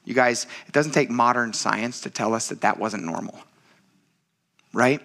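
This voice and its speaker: Bright, earnest man preaching a sermon. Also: medium pitch, unhurried, gravelly. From United States. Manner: earnest and conversational, often calling the congregation "you guys". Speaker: pastor.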